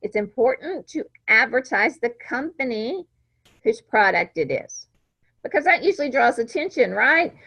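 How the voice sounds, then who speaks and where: A woman's voice: a little high, expressive, normal speed, pushed and bright, breathy edge, poor audio. A woman teacher giving a classroom lecture, talking conversationally and checking understanding with frequent "right?".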